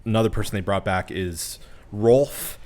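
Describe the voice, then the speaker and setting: A man's voice: fairly low pitch, animated, normal speed, a little mellow. A man co-hosting a podcast, chatting about a movie in a laid-back, jokey way. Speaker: podcast co-host. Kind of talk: casual movie review chat.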